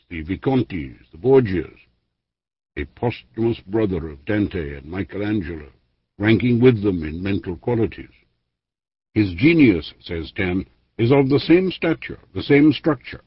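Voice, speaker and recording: A man reading a history book aloud as an audiobook narrator, in a measured, formal way with lively emphasis. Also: low voice, husky, dry recording. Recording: dry, dull lo-fi studio recording.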